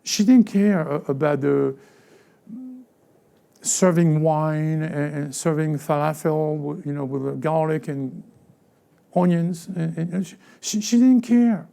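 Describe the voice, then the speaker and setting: A man's voice: a little high, takes it slowly, vocal fry, mellow. A man preaching as lead pastor in a conversational sermon, with frequent stammered restarts and repeated words. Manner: conversational preaching, acting out everyday voices.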